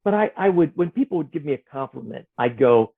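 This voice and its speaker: A man, an author, talking earnestly and gently about faith and self-worth, sometimes acting out the voices in his head. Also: a little high, animated, fairly quick, creaky, breathy edge. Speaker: author guest. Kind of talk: reflective spiritual conversation. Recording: tinny phone-like line.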